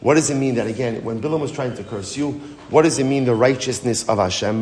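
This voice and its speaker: A man teaching a daily Talmud lesson as a rabbi, telling the story with lively, casual asides. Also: mid-range voice, fast, a little hiss or hum. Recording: long hall reverb.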